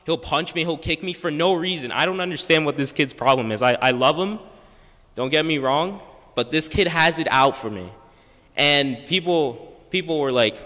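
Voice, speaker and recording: Animated teen guy telling a story. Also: fairly high pitch, moderate pace. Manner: animated, slangy, exclaims loudly in places. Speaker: student stand-up performer. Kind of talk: stand-up storytelling. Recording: echoey school studio hall.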